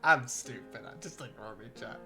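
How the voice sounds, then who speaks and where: A woman's voice: extremely low pitch, normal speed, bright, forceful tone, faint music behind. A woman streamer reading a visual novel aloud, chatting in giggly, profane, self-mocking asides.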